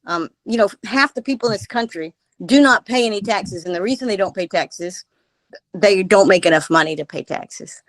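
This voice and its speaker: A woman's voice: mid-range voice, moderate pace, dry recording. A woman guest giving impassioned political commentary on a radio interview, speaking over a remote call with emphatic rhetorical questions. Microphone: remote call audio.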